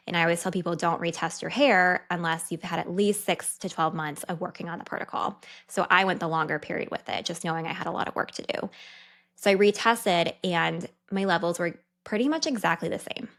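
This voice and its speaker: A young woman, a dietitian, hosting her own podcast in a candid, chatty way with quick asides. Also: fairly low pitch, a bit bright. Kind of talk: casual solo podcast talk.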